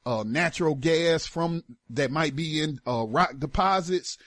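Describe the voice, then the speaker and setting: A man's voice: on the high side, unhurried, a bit bright, no room sound, clean studio sound. A man hosting a talk radio show, giving emphatic political commentary in casual with slang.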